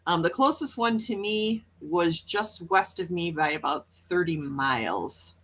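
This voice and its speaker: A woman's voice: lowish voice, expressive, measured pace, a bit bright. Chatty woman host. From Wisconsin, US. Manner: chatty, upbeat, with frequent laughs. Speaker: livestream host reading chat. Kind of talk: casual morning livestream chat.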